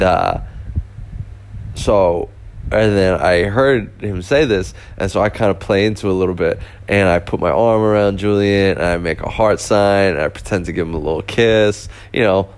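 Deep-voiced man telling a rambling story. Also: moderate pace, smooth. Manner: rambling with many fillers and restarts. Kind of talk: casual anecdote.

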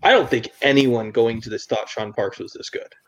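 A man's voice: mid-range voice, animated, normal speed, low-quality recording. A man talking enthusiastically in a casual podcast chat about a film, piling up emphatic phrases. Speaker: podcast co-host or guest.

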